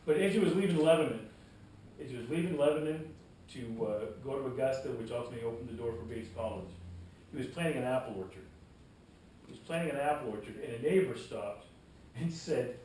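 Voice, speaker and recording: A man's voice: fast talker, a little mellow. A man speaking at a historical society meeting, rambling with repeated words and folksy asides, heard from a distance in a meeting room. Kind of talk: informal public talk. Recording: echoey room, mic far off, faint rumble.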